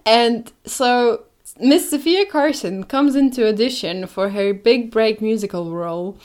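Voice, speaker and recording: A woman's voice: a little high, a little slow. Sarcastic young woman podcast host. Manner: animated, sarcastic, breaks into mocking impressions. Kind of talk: casual chat.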